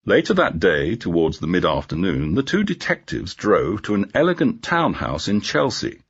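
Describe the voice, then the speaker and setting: A man narrating a storybook for English learners in a measured, clear reading, on a dull lo-fi recording. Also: deep voice, big pitch swings.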